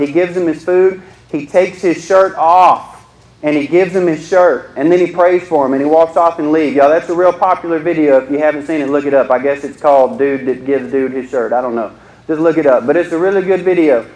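Joking preacher, fairly high voice. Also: male voice, a little mellow, echoey room, rough recording. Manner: joking, conversational, asks the crowd questions. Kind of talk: sermon.

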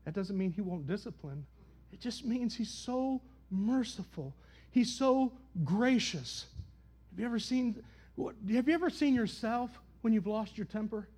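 A middle-aged man preaches a sermon in a high voice. He swings from loud, high cries down to low, quiet asides. He keeps putting questions to the congregation. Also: animated, a little slow, husky. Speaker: pastor.

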